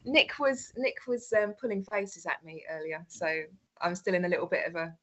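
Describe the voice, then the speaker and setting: A woman's voice: on the low side, lively intonation, normal speed. A woman co-hosting a casual online show, giggly and bubbly as she greets viewers by name. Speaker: co-host. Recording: lo-fi online stream audio.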